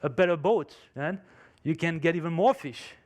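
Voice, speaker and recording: A man's voice: on the high side, moderate pace, a little mellow, natural voice. A man speaking English as a second language, voicing a pushy, successful businessman who lectures insistently.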